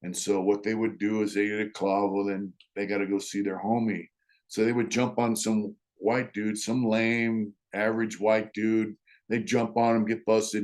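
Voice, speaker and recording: A man's voice: fairly low pitch, a little mellow. A middle-aged man casually telling stories from his years in prison, laid-back and full of "you know" and "uh", with blunt street slang and chuckles. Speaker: storyteller, former prisoner. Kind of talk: casual storytelling.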